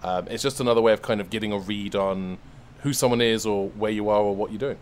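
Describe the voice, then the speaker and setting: A man's voice: on the low side, steady tone, quick pace. A man in a tabletop game group explaining a game stat, hedging with fillers. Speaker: player. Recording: remote recording with faint noise.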